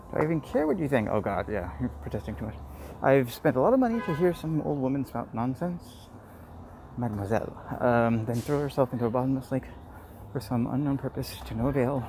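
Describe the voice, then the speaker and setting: Gravelly, sarcastic man rambling on a stream. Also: medium pitch, low-quality recording. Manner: sarcastic, dark-humored, talks to himself. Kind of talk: rambling live-stream monologue while playing. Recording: steady background noise.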